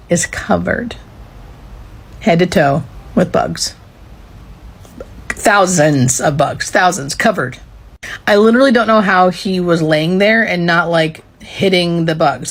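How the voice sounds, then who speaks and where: A woman's voice: fairly low pitch, creaky. A woman who works as a hospice nurse, telling a candid storytime in a conversational way. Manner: candid, conversational, teasing asides. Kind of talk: casual storytime.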